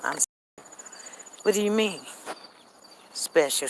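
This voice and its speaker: Woman vlogger, fairly low voice, chatty and animated storytelling on a walk, faint crickets behind. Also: a little slow, a little hiss or hum, rough recording. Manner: chatty, animated, addresses viewers directly. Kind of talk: casual storytelling to viewers. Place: outdoors on a walk.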